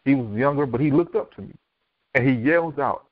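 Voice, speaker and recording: A man from Miami tells his life story as a podcast guest, playing out each exchange with the people in it. He talks at a rapid clip. The sound is thin and phone-like, and very dry. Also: medium pitch, no room sound. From Miami, Florida. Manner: vivid storyteller who acts out quoted dialogue. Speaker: podcast guest, author and speaker. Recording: dry, tinny phone-like line.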